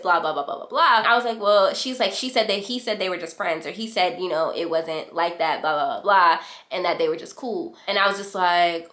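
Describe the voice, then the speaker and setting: A young woman vlogger telling a storytime in casual chat, animated and slangy, acting out what others said. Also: on the low side, fairly quick, hardly any pauses. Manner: animated, slangy, acts out quotes. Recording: echoey room.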